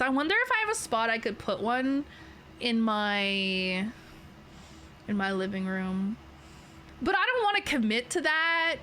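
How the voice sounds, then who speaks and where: A young Canadian woman with a Canadian accent chatting on a livestream from her bedroom setup. Her voice sits a touch high and sounds bright and forceful. She rambles in a playful, unhurried way and breaks into laughs often. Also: a little hiss or hum. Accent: Canadian English. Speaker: VTuber streamer. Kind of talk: casual livestream chat. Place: home streaming setup in a bedroom.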